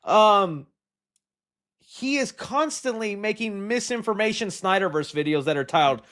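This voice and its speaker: A man hosting a live stream reads out chat questions and riffs on them. His voice sits a little high, and he rambles loosely, cracking jokes and slipping into silly voices. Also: moderate pace. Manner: rambling, animated, jokey, puts on silly voices.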